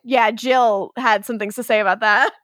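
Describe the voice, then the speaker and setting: A podcast co-host with a somewhat high, fairly bright voice speaks at normal speed with fairly even intonation. She chats casually and laughs often while recapping a show and acting out characters' lines, in clean studio sound with no room sound.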